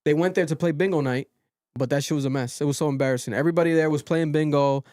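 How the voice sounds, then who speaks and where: Animated man recapping gossip, higher voice. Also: quick pace. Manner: animated storytelling, swears freely, quotes people in raised voices. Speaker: podcast host. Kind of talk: casual chat recapping a reality show.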